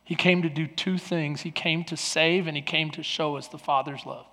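Brief: male pastor preaching in a big church, high voice, long reverb, repeats himself. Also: normal speed. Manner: preaching with a loud, lively delivery that drops to soft, earnest talk; repeats words and restarts often. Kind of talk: sermon. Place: large church.

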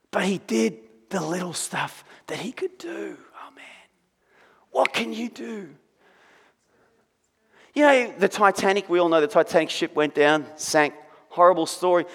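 High-voiced preaching man in reverberant church. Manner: preaching with rising intensity, sometimes shouting. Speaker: pastor. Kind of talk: sermon. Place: church sanctuary.

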